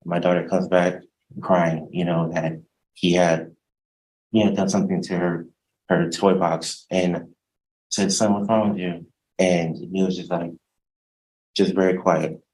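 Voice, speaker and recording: A man testifying as a defendant in court, hesitant and soft-spoken, halting over his words. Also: deep voice, level tone, slight background noise, poor audio.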